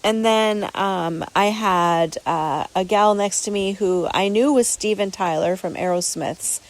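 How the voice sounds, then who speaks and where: A woman's voice: medium pitch, a little slow, rough recording. A woman hosting a podcast, telling a personal story casually in an earnest, rambling way, with many repeated words and restarts. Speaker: podcast host.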